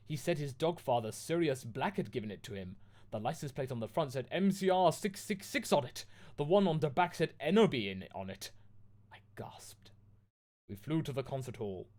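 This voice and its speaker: Man from the UK, comic read-aloud host, animated swoopy pitch, mock-drama. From United Kingdom. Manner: mock-dramatic, lively delivery. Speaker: host reading fanfiction aloud.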